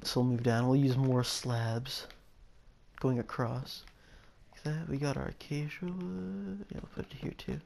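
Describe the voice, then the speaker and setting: A man's voice: mid-range voice, steady tone, a little slow, vocal fry, a little mellow, slight background noise. A young man giving casual gameplay commentary, rambling and musing aloud, often stopping and restarting his sentences. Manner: rambling, musing, self-interrupting. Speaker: gameplay video host.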